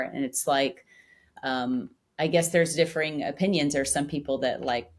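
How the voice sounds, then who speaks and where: A woman comedian who is a guest on a podcast, with a notably low voice for a woman. She talks casually and reflectively, often pausing and using fillers as she works through her thoughts. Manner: reflective, hesitant, with many fillers. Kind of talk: casual conversational podcast chat.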